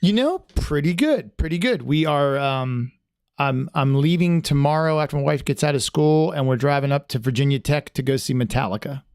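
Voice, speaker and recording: A man's voice: medium pitch, fairly even intonation, normal speed, a little mellow, clean tone, dry recording, clean studio sound. A man hosting a podcast in casual chat, rambling with many restarts and fillers in a friendly, chatty way. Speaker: podcast host.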